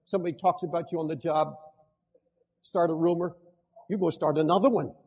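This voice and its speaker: An older man preaching a sermon as pastor, with fervent swings between shouting and hushed tones. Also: a little high, fairly even intonation, a little fast, husky, in a large hall.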